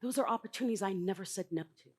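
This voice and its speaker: A middle-aged conference speaker gives a motivational talk live on stage, her mid-range voice quick and a little breathy. She's blunt and emphatic, jumping between loud outbursts and quiet asides.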